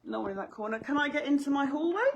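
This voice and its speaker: A woman's voice: sits high, expressive, quick pace, gravelly, lo-fi sound, a little hiss or hum. A woman, arguing indignantly and sarcastically with police and bailiffs inside her own home. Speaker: homeowner confronting bailiffs and police. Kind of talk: heated argument filmed at home. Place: hallway and kitchen of a house, indoors.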